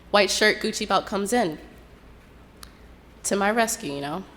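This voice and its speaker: A young woman telling a personal story in an unhurried, reflective way, acting out what others said. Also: mid-range voice, lively intonation, fairly bright tone. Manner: unhurried, reflective retelling with quoted dialogue.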